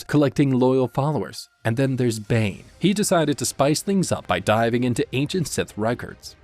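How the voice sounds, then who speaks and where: A man of ordinary pitch delivers a scripted explainer narration. His tone is breezy and loaded with casual slang, as if chatting with a friend. Quiet music plays underneath him. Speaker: narrator of a lore channel.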